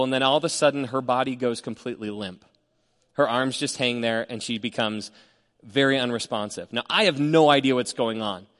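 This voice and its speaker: A pastor with a slightly high voice tells a personal story from the pulpit, mixing in self-deprecating humor. His words ring through a church sanctuary with a long, lingering reverb. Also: fairly bright tone. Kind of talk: sermon storytelling. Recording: long reverb of a large hall.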